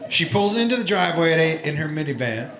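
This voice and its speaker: A middle-aged man telling a story on a comedy club stage in an animated, profane, conversational way. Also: on the high side, quick pace, very noisy. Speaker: stand-up comedian. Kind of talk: stand-up storytelling. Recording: echoey live room with loud crowd. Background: loud audience laughter.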